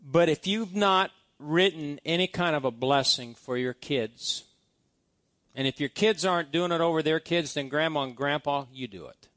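A man's voice: a little high, normal speed, fairly bright tone, dry recording. A male pastor preaching a sermon, reciting scripture-based blessing prayers with emphasis. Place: church.

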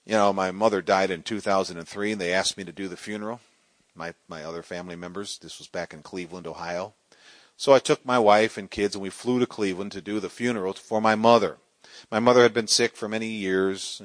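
A middle-aged man preaching a sermon, swinging from loud, soaring exclamations to quiet storytelling. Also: deep voice, no echo.

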